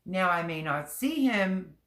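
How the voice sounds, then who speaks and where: A woman's voice: on the low side, expressive, measured pace, fairly bright tone. A middle-aged woman hosting a casual livestream chat from home, talking in a candid, emotional and rambling way and repeating herself. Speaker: livestream host. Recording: echoey room.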